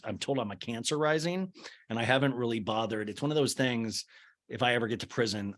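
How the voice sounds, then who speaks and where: A man hosting a podcast, recapping reality TV in comedic, joking chat and putting on voices now and then. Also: mid-range voice. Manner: animated, joking, slips into voices for the people he describes. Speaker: podcast host.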